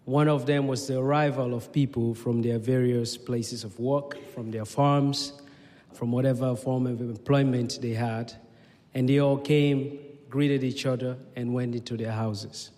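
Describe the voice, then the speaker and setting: A man from Leone, telling stories in a talk in measured, unhurried short phrases. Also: medium pitch, fairly even intonation, warm tone. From Sierra Leone. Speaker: speaker. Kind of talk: storytelling talk. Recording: long hall reverb.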